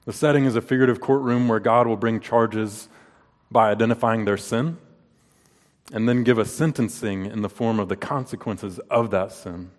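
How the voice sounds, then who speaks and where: A man's voice: on the low side, moderate pace. A man in his thirties preaching a sermon in an earnest way, asking rhetorical questions and telling personal stories. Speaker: pastor. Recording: long reverb of a large hall.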